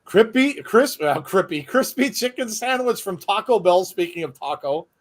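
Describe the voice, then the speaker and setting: A slightly high-voiced man hosts a live watch-along stream. He chats loosely and cracks jokes, riffing on viewer comments as they come in. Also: lively intonation, moderate pace. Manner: chatty, jokey, reads viewer comments aloud.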